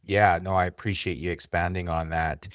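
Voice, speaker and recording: A man hosting an interview podcast, soft-spoken and affirming, sharing his own experience and asking follow-up questions. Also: sits low, flat delivery, moderate pace, no echo, studio quality. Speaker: podcast host. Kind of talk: conversational interview.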